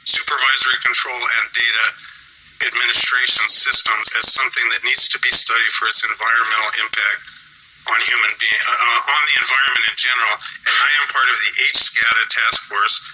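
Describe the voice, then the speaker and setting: A man's voice: medium pitch, little pitch movement, brisk, sharp tone, a little hiss or hum, rough recording. A man giving earnest, rambling public testimony at a hearing, with hesitant fillers. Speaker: public commenter.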